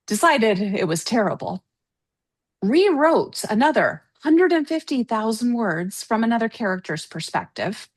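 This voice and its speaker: A woman who writes novels, co-hosting a casual podcast and telling stories in an animated, emotional way. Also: a little high, measured pace. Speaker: podcast co-host. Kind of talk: casual chat.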